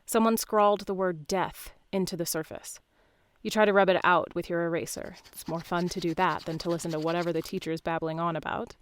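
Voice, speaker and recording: A woman narrating in second person, calm and measured, telling a dreamlike story. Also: lowish voice, no room sound.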